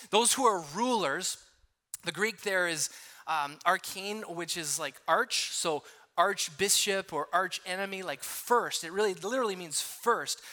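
A man's voice: high-pitched, sharp tone. A man preaching a sermon, explaining a passage word by word with frequent restarts and asides. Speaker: pastor.

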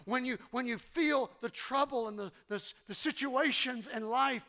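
A man preaching a sermon, animated and repetitive, leading the congregation in call-and-response in a church. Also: extremely high pitch, moderate pace. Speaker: pastor. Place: church sanctuary.

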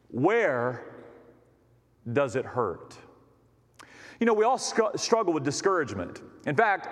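Male pastor, fiery sermon delivery, lively pitch, church hall reverb. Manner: impassioned preaching, rising and dropping dramatically. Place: church sanctuary.

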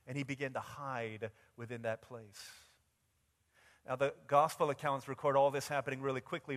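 A man's voice: mid-range voice, fairly bright tone. Man preaching with vivid storytelling. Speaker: pastor. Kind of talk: sermon. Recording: long reverb in a large hall.

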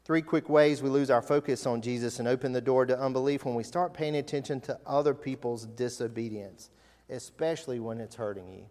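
A male pastor preaching an animated sermon, asking the congregation questions. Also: medium pitch, a little fast. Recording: long reverb of a large hall.

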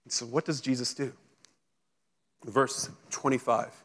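A male pastor preaching a sermon, reading scripture and then retelling it in lively, casual speech. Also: medium pitch, a little slow.

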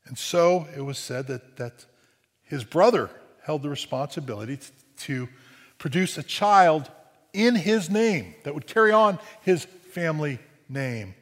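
A man's voice: fairly high pitch, animated, a little slow, a bit bright, big-room sound. A man preaching a sermon in a conversational way, often asking "right?" and restarting phrases, with dry humor. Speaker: pastor.

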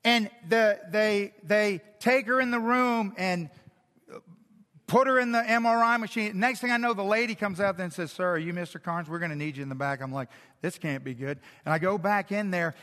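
A middle-aged man preaches from the pulpit with a high, bright, ringing voice. He tells stories in an animated way and drops from loud bursts to a hushed, intimate tone. Long reverb from a large hall trails each phrase. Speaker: pastor. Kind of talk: sermon.

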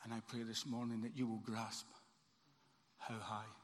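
A man's voice: on the low side, flat delivery, normal speed, a little hiss or hum. A man preaching a sermon as pastor, earnest, with a repeating emphatic cadence. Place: church hall. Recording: church hall reverb, faint ambience.

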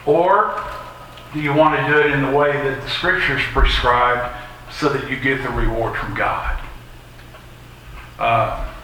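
A man's voice: medium pitch, steady tone, measured pace, pauses often, pushed and bright, a little hiss or hum. A middle-aged man preaching a sermon in a church, folksy and conversational with personal asides. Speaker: pastor. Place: church sanctuary. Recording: echoey church hall, faint ambience.

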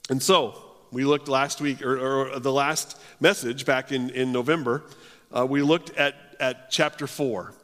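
A man's voice: medium pitch, fairly even intonation, measured pace, a bit bright. A male pastor preaching a sermon in earnest, often restarting his phrases. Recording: long hall reverb.

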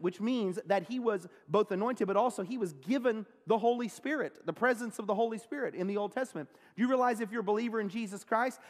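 A male pastor giving a sermon, earnest, slowing down and pausing to stress key phrases. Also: high-pitched. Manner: earnest preaching, pauses and slows down on key phrases. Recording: long reverb of a large hall.

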